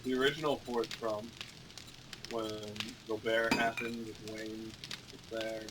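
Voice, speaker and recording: Male co-player, brief, slow, understated interjections. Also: little pitch movement, heavy background noise. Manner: brief, low-key replies. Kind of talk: casual gaming chat.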